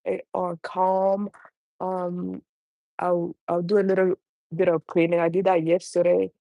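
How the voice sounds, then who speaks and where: A woman's voice: fairly low pitch, level tone, a little slow, creaky, dry recording, muffled recording. A young adult woman with a non-native accent chatting casually and rambling on a live stream from her home kitchen. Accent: non-native English. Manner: chatty, rambling, frequent restarts. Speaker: caregiver mom vlogger.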